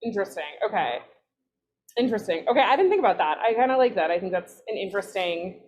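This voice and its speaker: A woman, a rabbinic resident, leading a casual text study, chatty, with lively asides and quick self-corrections. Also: medium pitch.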